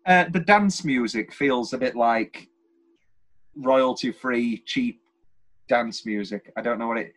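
A man's voice: mid-range voice, slow pace, a bit bright. Chatty man reviewing a film. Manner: enthusiastic, rambling with restarts. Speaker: podcast co-host. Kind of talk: casual film review chat.

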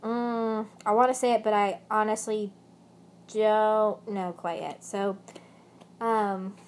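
A woman's voice: medium pitch, level tone, slow. Swearing young woman with a British accent. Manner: swears heavily, rambling, bursts into angry shouting. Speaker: vlogger. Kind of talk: emotional personal rant.

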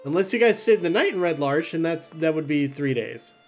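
A young man narrating as game master in a relaxed, rambling way, swearing casually. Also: a little high, fairly quick, soft background music.

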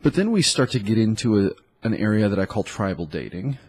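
Husky stuffed-up man, low voice. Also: very animated, fairly quick, a little mellow. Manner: rambling, restarts with likes and ums. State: stuffed up with a cold. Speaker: dating coach. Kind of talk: casual solo monologue.

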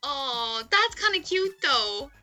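A woman's voice: sits high, slow, faint music behind. A woman co-hosting a casual chat show, reading out funny texts and reacting with lots of laughter. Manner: giggly, expressive, reacts with laughter. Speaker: podcast co-host.

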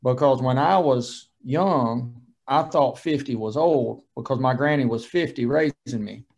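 A man's voice: mid-range voice, unhurried, a little mellow. A man, a surgeon giving a folksy, joking lunch-and-learn talk. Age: 40s. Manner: folksy, joking, plain-spoken. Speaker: colorectal surgeon.

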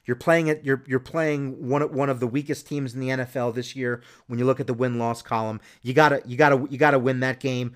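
A man's voice: medium pitch, steady tone, brisk, hardly any pauses. A man hosting a sports podcast, talking casually and rambling with many restarts and fillers. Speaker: podcast host.

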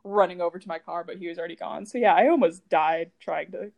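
A young woman from the United States co-hosting a podcast in casual chat, telling stories with a lively, animated delivery. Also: quick pace, gravelly, lo-fi sound. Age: young adult. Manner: animated storyteller, lively swings in pitch. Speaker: podcast co-host.

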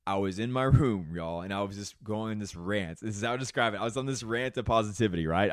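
A man's voice: lowish voice, clean tone, no echo, clean studio sound. Earnest young man with a lilt. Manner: casual, earnest, with fillers like "man", "dude", "y'all". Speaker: podcast host. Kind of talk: motivational podcast monologue.

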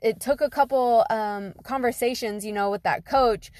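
A woman's voice: a little high, moderate pace, darkish tone, no room sound. A young woman telling a personal story in a casual, conversational way, full of fillers like "you know". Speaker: guest telling her story.

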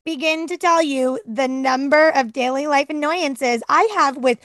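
High-voiced chatty woman podcast host. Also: fairly even intonation, a little slow, fairly bright tone, no room sound, studio quality. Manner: chatty, enthusiastic, stumbles over words. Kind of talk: casual podcast chat.

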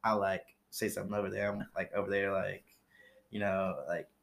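A man's voice: sits low, flat delivery, normal speed, creaky, fairly bright tone. A man from Ohio, a former flight attendant, telling stories in casual chat with lots of fillers. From Ohio, USA. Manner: rambling storyteller, many fillers.

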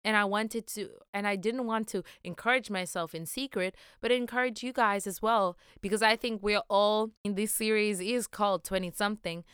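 A woman's voice: mid-range voice, fairly even intonation, moderate pace, hardly any pauses, a bit bright, clear, resonant tone, dry recording, studio quality. A young woman hosting a motivational solo podcast, upbeat, playful and affectionate as she encourages her listeners. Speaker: podcast host.

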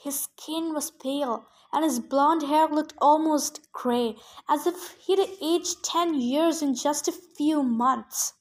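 A woman reads a novel aloud, giving plain first-person narration in a high voice. She breaks off now and then with offhand asides about her own slips. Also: takes it slowly, hardly any pauses. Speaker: reader.

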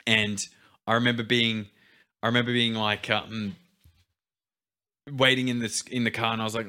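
A young man on a podcast, telling a childhood story in a laid-back, chatty way that turns quiet when the story gets serious. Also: medium pitch, flat delivery, moderate pace, pauses often, smooth. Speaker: podcast co-host. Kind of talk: casual podcast chat.

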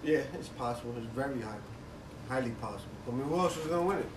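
A young man co-hosting a casual podcast chat, animated and laughing as he talks. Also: mid-range voice, fast talker, a little hiss or hum, low-quality recording. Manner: animated, laughs while talking. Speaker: podcast co-host.

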